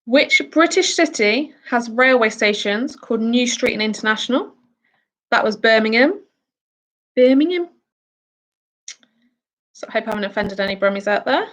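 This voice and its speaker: A woman's voice: on the high side, expressive, a little fast, a bit bright. A woman from the UK hosting a casual quiz, reading out each question and answer with chatty asides. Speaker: quiz host.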